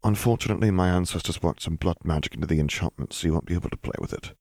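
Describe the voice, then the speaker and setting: A young wizard husband with a wry, joking way of downplaying trouble, as a man reads him in an audiobook. The voice sits deep and low, recorded close and dry. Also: very fast, vocal fry, a little mellow, no room sound. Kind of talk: audiobook character reading.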